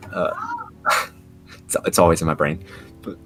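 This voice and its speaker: A man's voice: rumbling low, steady tone, a little slow, bright, forceful tone, faint music behind. A young man co-hosting a casual podcast, rambling with many restarts and fillers. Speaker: podcast co-host. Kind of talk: casual anime podcast chat.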